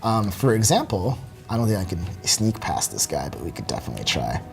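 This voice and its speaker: A man giving relaxed, halting commentary while demonstrating a video game, with many fillers. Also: low-pitched, gravelly. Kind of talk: casual gameplay commentary. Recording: faint game music behind.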